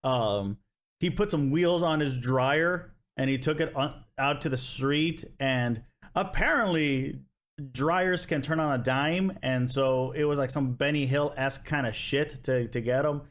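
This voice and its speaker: Chill guy, mid pitch, sighs a lot, kinda hesitant. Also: a little slow. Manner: laid-back, sighing, hesitant. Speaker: guest. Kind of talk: casual chat.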